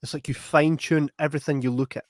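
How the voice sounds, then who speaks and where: A man's voice: fairly high pitch, fast, no echo, clean studio sound, faint music behind. A young Scottish man hosting a podcast, telling a long story in a casual, rambling way and often tagging on "right?". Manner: animated, rambling, repeats "right?". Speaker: podcast host.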